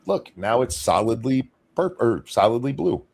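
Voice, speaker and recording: Lively, opinionated male host. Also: medium pitch, moderate pace, vocal fry, husky. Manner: lively, reads viewer comments aloud, opinionated. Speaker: show host reading chat. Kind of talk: casual live-stream talk.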